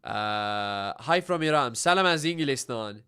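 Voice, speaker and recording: Brief: man, livestream reaction host, sarcastic and ranting, clean smooth voice. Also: mid-range voice, animated, unhurried, sharp tone. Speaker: streamer.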